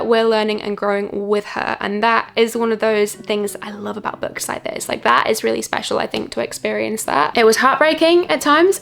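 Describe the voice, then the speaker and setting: A woman's voice: fairly high pitch, gravelly. A young woman chatting casually about books she read, gushing and repeating words for emphasis. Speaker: book vlogger. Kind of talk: casual monthly book review. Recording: light background music.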